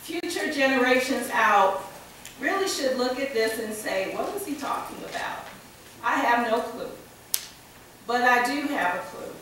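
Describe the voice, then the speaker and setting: An American woman giving a conference keynote, slightly under the weather with a cold, speaking in a deliberate, measured way with touches of dry humor. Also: a little high, expressive, a bit bright. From United States. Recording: echoey hall from far off, faint noise.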